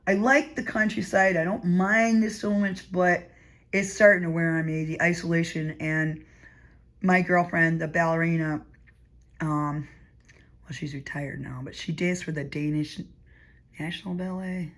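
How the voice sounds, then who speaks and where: A woman's voice: lowish voice, fairly even intonation, measured pace. A woman rambling through a casual monologue at home before bed, chatty and digressive, laughing often and sometimes dropping to a murmur. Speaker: vlogger.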